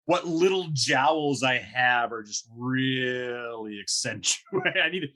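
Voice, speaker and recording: A man chatting on a podcast, joking and poking fun at himself. His voice is bright and forceful, with a middle pitch. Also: expressive, takes it slowly. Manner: joking, self-deprecating. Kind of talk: casual chat.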